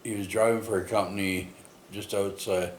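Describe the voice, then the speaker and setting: A man's voice: fairly low pitch, steady tone, moderate pace. A man telling a long personal story in a rambling way, full of fillers and tag questions. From Canada. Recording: echoey room, faint ambient noise.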